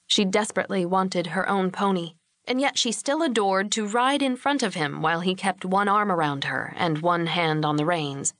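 A woman reading a novel aloud as narrator, measured and clear. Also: lowish voice, fairly bright tone, no room sound, studio quality. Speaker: audiobook narrator. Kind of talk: scripted narration.

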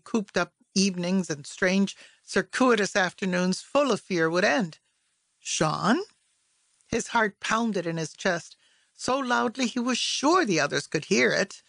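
A woman narrating literary fiction as an audiobook, in a measured, even storytelling voice on a close mic. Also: lowish voice, vocal fry, no room sound.

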